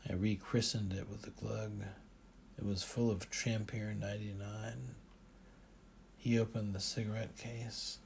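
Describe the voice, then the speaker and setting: Man, audiobook narrator, gravelly, slow, measured, first-person storytelling. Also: fairly low pitch, little pitch movement, darkish tone, slight background noise.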